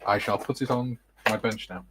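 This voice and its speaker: A man's voice: fairly low pitch, normal speed, heavy background noise. A middle-aged man hosting a casual modelling livestream, reading out viewer comments and joking with friends. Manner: reads out viewer comments, jokey banter. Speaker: livestream host and scale modeller.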